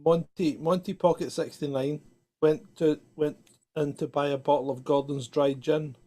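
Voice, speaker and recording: A man's voice: a little high, steady tone, moderate pace, warm tone. A man co-hosting a live stream, bantering and telling anecdotes with casual swearing. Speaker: co-host.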